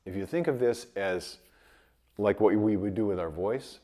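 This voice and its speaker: A man's voice: lowish voice, normal speed. Man teaching trumpet with a cold. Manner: relaxed explaining with light chuckles, sings sample tones. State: has a cold, voice a bit rough. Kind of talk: casual video lesson.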